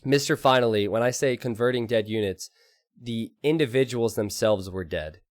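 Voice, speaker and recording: A man casting a strategy game live and chatting with his stream audience, excitable and quick to laugh. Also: medium pitch, no echo, studio quality. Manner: excitable, laughs often, talks to chat.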